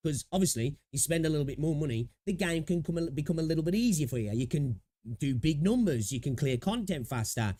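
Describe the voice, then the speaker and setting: Livestreaming, a man reacts to a video with casual commentary, thinking out loud, rambling, laughing easily and repeatedly asking "right?". His voice is a little high and expressive, and he talks a bit fast with hardly any pauses.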